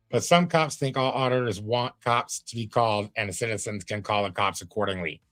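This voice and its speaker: A laid-back male streamer chats through a live reaction video in a folksy, drawling way. His voice sits on the low side and sounds dry and close, with faint music playing underneath. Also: moderate pace, a bit bright, dry recording. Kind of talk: casual live commentary.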